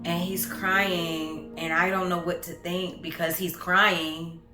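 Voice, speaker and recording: A woman recounting her own story in an earnest, reflective way, halting often with pauses and fillers. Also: fairly low pitch, little pitch movement, pushed and bright, echoey room, soft background music. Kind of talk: personal storytelling.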